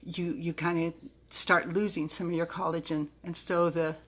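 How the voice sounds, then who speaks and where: A bubbly middle-aged woman talks straight to camera in a chatty, giggly way, often tripping over hard words. Her voice sits a little low, and she sounds open and unscripted. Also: level tone, moderate pace. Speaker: vlogger reviewing vitamins. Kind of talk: casual talk to camera.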